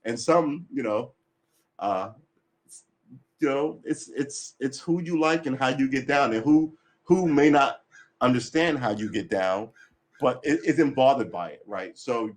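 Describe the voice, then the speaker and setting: A man talks loosely to his livestream audience, jumping between thoughts. He is blunt and opinionated, curses casually and laughs often. His pitch sits in an ordinary middle range. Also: lively intonation, unhurried, pauses often. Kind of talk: casual rambling chat.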